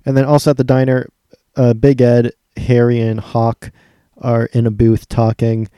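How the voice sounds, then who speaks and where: A young man co-hosting a podcast, casually recapping a TV episode with deadpan teasing. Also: medium pitch, normal speed, clear, resonant tone, no room sound, studio quality. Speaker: podcast co-host.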